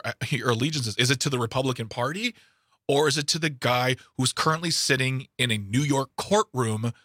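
A man co-hosting talk radio with a bright, crisp tone, close and dry on a studio mic. He talks in a sarcastic, opinionated way and stumbles and restarts his words often. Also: medium pitch, no echo. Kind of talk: casual opinionated radio chat. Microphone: studio microphone.

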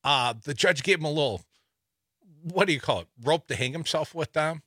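A man's voice: fairly high pitch, moderate pace, bright, forceful tone, no echo. A man hosting a talk radio show, reading news stories with sarcastic asides and a wry, laughing delivery into a studio microphone.

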